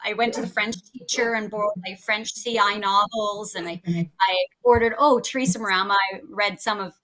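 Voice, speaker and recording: A bright, clear-toned woman, chatting as a podcast guest. She sits at a middling pitch for a woman and talks in an effusive, rambling way, often circling back and restarting her thoughts. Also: steady tone, moderate pace, low-quality recording. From Canada. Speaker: guest teacher. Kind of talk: casual podcast chat.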